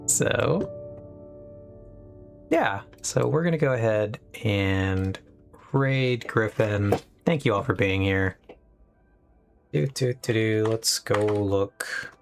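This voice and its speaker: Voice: mid-range voice, slow, creaky, soft background music. Chatty young streamer rambling on stream. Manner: chatty, rambling, upbeat asides. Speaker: live streamer. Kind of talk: casual live-stream chat.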